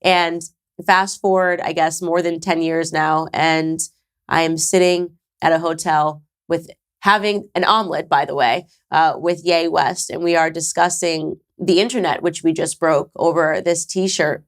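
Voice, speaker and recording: A woman's voice: low voice, fairly even intonation, a little slow. A woman in her thirties from the United States hosting her own show, talking in an emphatic, conversational way with sarcastic asides. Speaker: podcast host. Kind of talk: casual commentary to camera.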